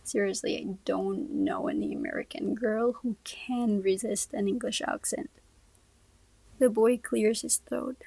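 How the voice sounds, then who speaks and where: Husky soft-spoken woman reading a novel. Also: medium pitch, fairly even intonation, a little slow, no room sound, poor audio. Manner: soft-spoken, often dropping into a whisper. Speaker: audiobook reader. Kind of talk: first-person novel reading.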